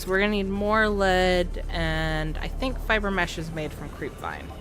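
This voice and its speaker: A woman's voice: on the low side, animated, a little slow. A woman streaming a video game, chatting casually to her viewers and to herself as she plays. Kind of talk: casual let's-play commentary. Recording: game music under the voice. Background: game music and sounds.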